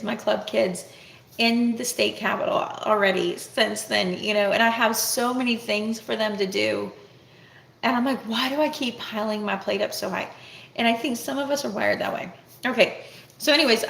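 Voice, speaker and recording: Candid, rambling woman vlogger, gravelly voice. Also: medium pitch, bright, forceful tone. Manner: candid, rambling, self-reflective. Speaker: vlogger, homeschooling mother. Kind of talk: casual talk to camera. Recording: echoey room with faint noise.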